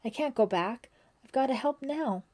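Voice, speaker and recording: Woman doing a worried teen girl counselor, earnest and urgent, mellow voice. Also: sits high, lively intonation, normal speed, pitched above the performer's own voice.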